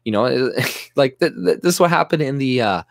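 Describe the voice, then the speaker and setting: A man's voice: medium pitch, expressive, moderate pace, no echo, studio quality. A man delivering an agitated, profane, sarcastic political rant to camera, often restarting his sentences. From Canada. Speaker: YouTube commentator.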